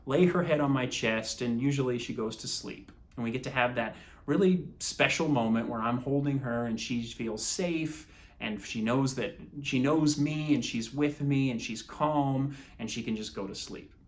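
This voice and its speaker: A young adult man preaching a sermon as pastor, earnest, moving from soft, reflective passages to impassioned appeals. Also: mid-range voice, moderate pace.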